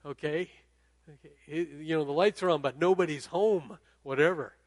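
A man's voice: on the high side, moderate pace, a little mellow, no echo. A middle-aged man preaching a sermon in a conversational way, often checking in with the audience. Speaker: pastor.

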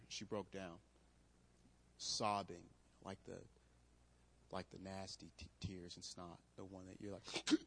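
A man, a pastor, preaching a sermon to a room, moving between loud emphatic preaching and quiet storytelling. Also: medium pitch, moderate pace. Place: church room.

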